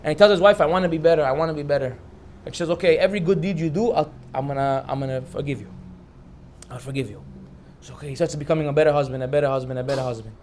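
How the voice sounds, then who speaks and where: Fast-talking, animated male rabbi storyteller. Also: medium pitch, a little hiss or hum. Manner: animated storyteller acting out the characters' lines. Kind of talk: storytelling sermon.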